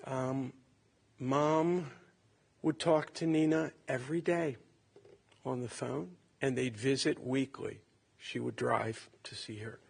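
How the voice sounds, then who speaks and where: A man in his late sixties from Ohio, a son giving a halting, tender eulogy at a funeral. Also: medium pitch, fairly even intonation, vocal fry, slightly rough. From Cleveland, Ohio. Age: 60s. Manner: halting, reflective, tender storytelling.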